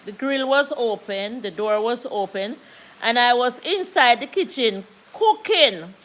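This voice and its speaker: A Jamaican woman hosting a live stream, telling a long story in a high voice. She speaks slowly and without hurry, repeating phrases to drive a point home. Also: lively intonation, a bit bright, low-quality recording. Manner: unhurried, repeats phrases for emphasis.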